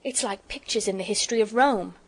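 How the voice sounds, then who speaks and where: An earnest, polite young girl from a children's storybook, eager and a little shy, voiced by a woman reading aloud. Her voice is lifted a touch above the reader's own middle pitch. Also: brisk, husky.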